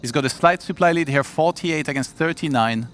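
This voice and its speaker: A man doing live commentary on a strategy game match, getting excited on big plays. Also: on the high side, a little fast, soft background music. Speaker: esports commentator. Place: event studio.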